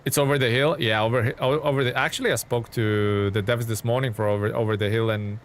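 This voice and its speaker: A man's voice: mid-range voice, fairly even intonation, quick pace, a little hiss or hum. Chatty man live-streaming a truck game. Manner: rambling, restarts often, answers chat by name. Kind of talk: casual live-stream chat.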